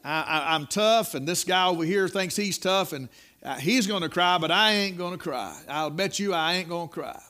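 Middle-aged man, sermon, folksy storyteller, high voice. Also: normal speed. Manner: folksy, dramatic storytelling, rising to loud peaks. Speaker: preacher.

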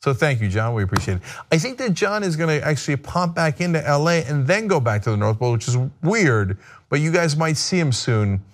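A man's voice: on the high side, very animated, a little fast. A man hosting a show, chatting casually and laughing often, acting out quotes in funny voices. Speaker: show host. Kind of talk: casual chat reacting to a viewer video.

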